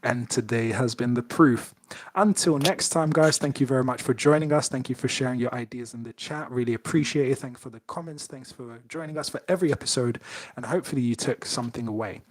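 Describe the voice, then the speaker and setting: Co-hosting a podcast, a man chats casually and playfully reads out quiz questions as the quizmaster. He speaks fairly quickly at a medium pitch.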